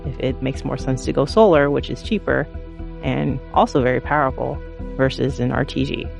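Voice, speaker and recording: A man's voice: mid-range voice, normal speed, gravelly. A man engineer explaining mission tradeoffs in a matter-of-fact interview answer. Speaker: space engineer. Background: music bed.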